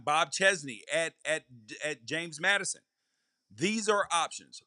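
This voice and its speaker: A man's voice: on the high side, pushed and bright, dry recording, clean studio sound. A man hosting a live college football podcast, a former player giving emphatic commentary and hammering his points home by repeating them. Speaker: podcast host.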